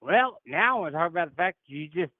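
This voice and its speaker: A male caller arguing with the host, aggravated and halting, repeating himself as he goes. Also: fairly high pitch, expressive, no room sound. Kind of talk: argument on a phone call-in. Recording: tinny phone line.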